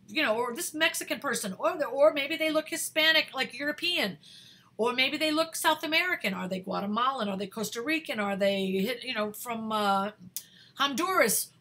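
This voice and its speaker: Emphatic bright-voiced woman giving career advice. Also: high voice. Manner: energetic, emphatic, repeats words for emphasis; rambling, searches for words with many fillers. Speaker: talent manager. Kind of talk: advice talk to camera.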